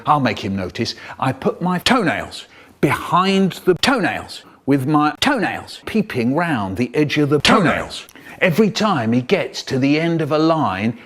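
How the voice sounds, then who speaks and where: A man telling a comic story about his childhood in a lively, vivid way. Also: on the high side, measured pace. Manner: lively, vivid storyteller who acts out the scenes. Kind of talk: comic childhood storytelling, chopped by remix edits.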